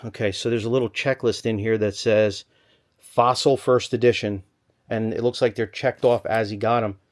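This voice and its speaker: Kinda low-voiced guy in a storage locker, out of breath, rambling stop-start, thinking out loud. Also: fairly even intonation, moderate pace. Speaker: storage unit reseller. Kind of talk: excited unboxing vlog.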